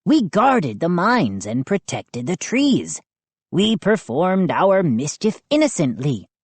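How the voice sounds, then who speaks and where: A woman voicing a small, pleading male lawn gnome with a raspy voice, speaking slowly and earnestly. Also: on the low side, very animated, no echo, voice pushed up, full character voice.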